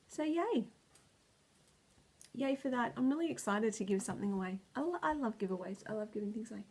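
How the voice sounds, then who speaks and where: A woman's voice: on the high side, animated, brisk, a little mellow, breathy edge. Tired, rambling woman. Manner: rambling, loses her words, laughs often. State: tired and stressed, close to tears. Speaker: knitting podcast host. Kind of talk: casual chat.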